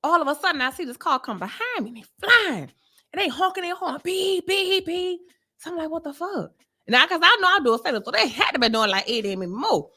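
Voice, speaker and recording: Animated, bright-voiced woman telling a story. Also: high-pitched, quick pace. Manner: animated, laughing, blunt storyteller. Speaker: podcast co-host. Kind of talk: casual storytelling chat.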